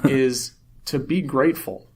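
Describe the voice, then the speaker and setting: A man hosting a therapy podcast, talking in an easygoing, steady way and moving quickly through promo reads. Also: mid-range voice, slightly rough. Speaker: therapist host. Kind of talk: casual podcast chat and ad read.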